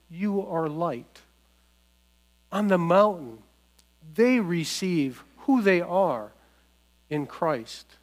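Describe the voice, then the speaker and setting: A man delivering a sermon with a fairly high voice, pausing deliberately between short declarative phrases. He speaks slowly and steadily, and a faint electrical hum sits under the recording. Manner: measured, declarative preaching with deliberate pauses. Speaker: pastor.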